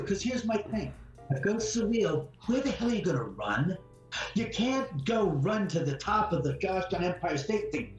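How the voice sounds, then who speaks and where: A man telling ghost stories in a casual interview, rambling and animated, often repeating words and swearing mildly. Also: high voice, normal speed, highs cut off. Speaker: homeowner guest. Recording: echoey room from far off, faint music.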